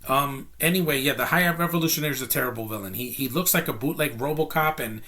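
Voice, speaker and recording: A man talks through a film review in an offhand, unscripted way at an ordinary middle pitch. He is blunt and opinionated, and he rambles and doubles back as he rants about what he didn't like. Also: fast, sharp tone. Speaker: movie reviewer. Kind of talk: casual spoken film review.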